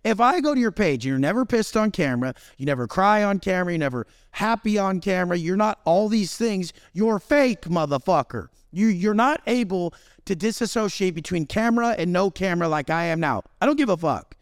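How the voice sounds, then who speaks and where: A brash, profane man talks in an intense, swaggering rush. His voice sits a bit high and swings widely in pitch. The sound is close and dry, with no room echo. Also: expressive, a little fast, hardly any pauses. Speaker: podcast guest. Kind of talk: casual chat.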